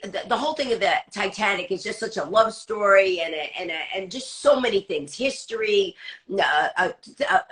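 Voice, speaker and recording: A woman stand-up comic telling an anecdote as a guest, fast-talking and acting out the dialogue she quotes. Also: medium pitch, a bit bright.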